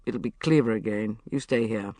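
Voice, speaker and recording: A narrator voicing a polite, awkward gentleman who talks hesitantly, with ums. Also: mid-range voice, normal speed, no echo, voice pushed down, close to an everyday voice.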